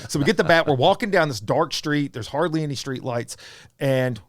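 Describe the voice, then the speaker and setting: Middle-aged southern guy on a podcast, kinda high voice, animated storytelling, does the voices, dry studio mic. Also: fairly quick, no echo. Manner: animated, acts out voices of friends and strangers. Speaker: podcast guest.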